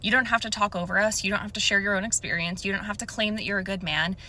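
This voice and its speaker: A woman talking earnestly to the camera, emphatic and steady. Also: medium pitch, fast talker. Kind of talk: casual talk to camera.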